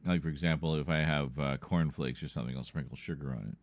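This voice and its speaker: Low-voiced man chatting on a stream. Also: fairly even intonation, quick pace, no echo. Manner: rambling, laughs often. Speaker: livestream host. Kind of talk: casual chat.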